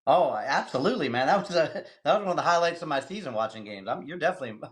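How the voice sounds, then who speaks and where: A man's voice: on the high side, expressive, rapid-fire. Easygoing man who laughs often. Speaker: podcast co-host tracking picks. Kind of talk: casual sports banter.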